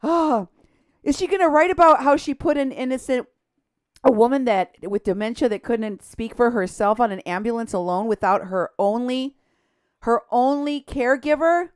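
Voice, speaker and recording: With a clear, resonant voice on the high side and a moderate pace, a woman on a radio show scornfully reads social media posts, her indignation rising until she's nearly shouting. The recording is dry and studio quality.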